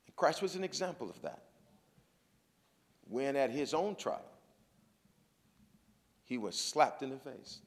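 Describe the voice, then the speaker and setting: A man's voice: mid-range voice, lively intonation, slow, vocal fry, long pauses. A man giving a talk at an interfaith symposium in a casual, searching manner. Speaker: symposium speaker. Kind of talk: conversational talk.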